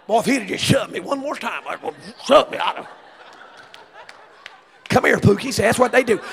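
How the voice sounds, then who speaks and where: A man with a Southern US accent preaching a sermon, telling stories with laughter and rising to shouts. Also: very high voice, animated, normal speed, gravelly, pauses often. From American South. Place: church sanctuary. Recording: long hall reverb.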